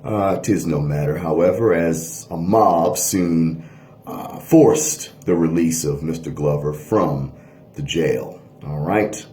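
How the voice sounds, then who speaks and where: A man lecturing on a court case in a lively teaching voice, checking in with listeners often. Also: low voice, takes it slowly, echoey room, a little hiss or hum. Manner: animated lecturing, frequent "all right?" checks. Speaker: history teacher. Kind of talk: lecture video.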